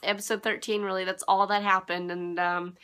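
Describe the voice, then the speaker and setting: A woman giving a casual, rambling anime review, dismissive and quick to laugh. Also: medium pitch, flat delivery, pushed and bright.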